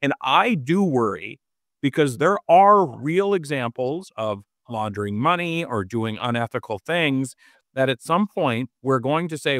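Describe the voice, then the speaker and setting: A man's voice: medium pitch, fairly bright tone, dry recording, studio quality. Wry, opinionated male panelist. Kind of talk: casual discussion.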